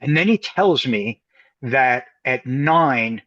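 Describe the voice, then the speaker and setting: A man's voice: medium pitch, takes it slowly, lo-fi sound. A man from the United States, a guest and couples counselor, telling a story in an interview and acting out the voices of the people in it. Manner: animated storyteller, acts out quoted voices.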